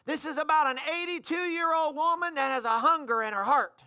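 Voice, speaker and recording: A woman's voice: high voice, animated, moderate pace, bright, forceful tone. A preacher voicing a determined eighty-two-year-old church woman who pleads earnestly in a sermon story. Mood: insistent. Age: older. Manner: earnest, insistent.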